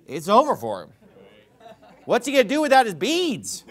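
A man preaching a sermon who reads scripture and explains it in a casual, animated, sarcastic way. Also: very high voice, moderate pace.

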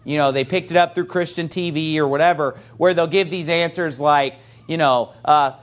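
A man's voice: fairly high pitch, brisk, few pauses. A man teaching church members how to talk with people about salvation, acting out their replies in varied voices. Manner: animated, acts out quoted replies in varied voices.

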